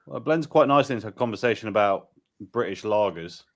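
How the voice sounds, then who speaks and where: A man's voice: lowish voice, animated, fast. A man chatting casually over beers, giving firm opinions on lager as a regular co-host. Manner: opinionated, holds forth on beer.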